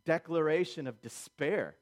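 A male pastor delivering a sermon with a somewhat higher-pitched voice. He jumps into voiced quotations and hammers points home with repetition. His delivery swings between soft asides and forceful declarations. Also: measured pace. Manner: preaching with dramatic voiced quotes and emphatic repetition.

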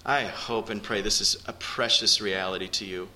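A man preaching a sermon to his congregation, earnest and direct, often rising in pitch and force to stress a point. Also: steady tone, normal speed, few pauses, bright, forceful tone, poor audio. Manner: earnest, rises in pitch and volume for emphasis, addresses the congregation directly. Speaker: pastor. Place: church.

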